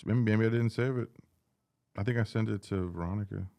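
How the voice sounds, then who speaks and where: A man's voice: lowish voice, brisk, vocal fry, warm tone, no echo. A man co-hosting a podcast, trading crude, joking banter in casual comedic chat. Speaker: podcast co-host.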